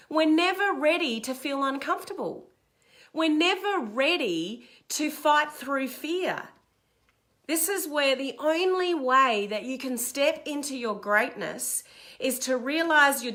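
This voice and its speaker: A middle-aged woman with an Australian accent, giving a direct, energetic motivational talk as a coach on a live stream and reading out viewer comments as she goes. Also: high-pitched, measured pace. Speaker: online business coach.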